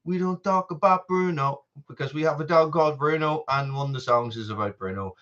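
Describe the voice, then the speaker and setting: Irish dad rambling through a live stream. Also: male voice, a little high, brisk, hardly any pauses, fairly bright tone, muffled recording. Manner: rambling, self-interrupting, greeting viewers. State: a little out of breath. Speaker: livestream host. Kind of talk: casual live chat. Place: family home.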